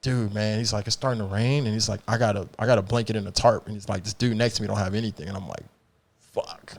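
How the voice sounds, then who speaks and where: A man's voice: on the low side, very fast, vocal fry. A man in casual podcast chat, laid-back, often chiming in with agreement and slangy phrasing. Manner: laid-back, frequent "yeah" and "dude" agreement.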